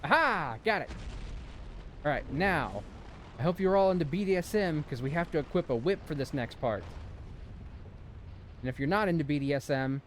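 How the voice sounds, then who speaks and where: Pausing often at a moderate pace, a young Southern Californian streamer riffs through a let's-play, cursing and joking with his chat. His voice is fairly high and animated, with a little hiss or hum in the audio.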